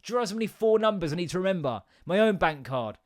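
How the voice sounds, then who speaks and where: A man's voice: sits high, racing. Sweary man telling stories. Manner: sweary, animated storytelling with sudden loud outbursts. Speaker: podcast host. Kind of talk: casual comedic monologue.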